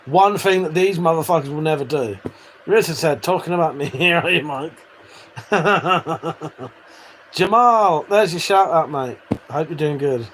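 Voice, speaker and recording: A man's voice: a little high, measured pace, fairly bright tone, slight background noise. A British man chatting casually with viewers on a live stream, swearing freely and bantering. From United Kingdom.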